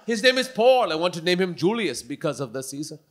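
A man voicing his loud, dramatic mother, complaining on a comedy stage. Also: lowish voice, big pitch swings, brisk, very noisy, voice pushed up. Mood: indignant.

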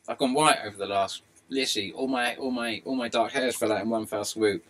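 A middle-aged man with an excitable, rambling delivery, talking to his video subscribers. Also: mid-range voice, fairly quick, hardly any pauses. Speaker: video blogger. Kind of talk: rambling monologue.

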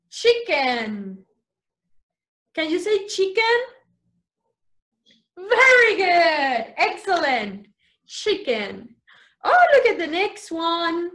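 A woman teaching English vocabulary to young children over a video call, spelling words slowly and switching into to explain. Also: extremely high pitch, big pitch swings, fairly bright tone. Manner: slow, exaggerated spelling and repetition, switching to Spanish explanations. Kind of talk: online class for young children.

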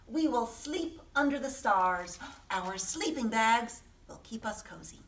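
A woman's voice: fairly high pitch, lively intonation, takes it slowly. A woman voicing a patient, reassuring female mouse in a storybook reading. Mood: cheerful. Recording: echoey room, voice from a distance.

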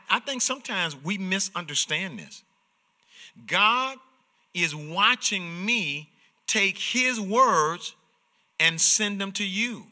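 A man's voice: on the high side, pushed and bright. A man preaching at a midweek Bible study, emphatic and repetitive, often saying "watch this" and checking in with the listeners. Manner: emphatic, repeats "watch this" and "all right?". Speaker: pastor teaching Bible study. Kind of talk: sermon-style Bible teaching.

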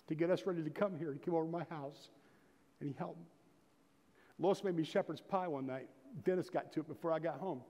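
Folksy pastor preaching in a reverberant hall. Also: male voice, fairly high pitch, brisk, a little mellow. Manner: folksy storytelling, rising to emphatic exhortation. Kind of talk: sermon. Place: church sanctuary. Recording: long reverb of a church hall.

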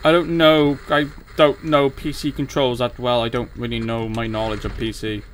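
A man's voice: medium pitch, little pitch movement, moderate pace, slight background noise. A young man, commentating a horror game as he plays, jumpy and swearing at it. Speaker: gaming streamer.

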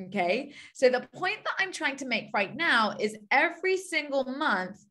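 Casting: woman host on a video call, upbeat coach, bright, fairly high voice. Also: very animated, normal speed. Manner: upbeat, coaching, repeats key phrases. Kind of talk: team call presentation.

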